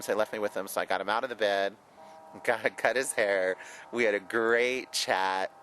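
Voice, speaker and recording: Man, hairdresser vlogger, low-pitched, forceful tone, candid and sassy, swears freely. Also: slight background noise, rough recording. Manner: frank, profane and chatty; flamboyant and outspoken. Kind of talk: candid personal reminiscing.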